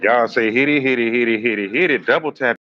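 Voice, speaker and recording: Talking fast in a mid-range voice, a man runs a live astrology stream, rambling, joking and teasing his viewers casually. The audio is slightly dull, lo-fi stream sound with faint room noise behind it.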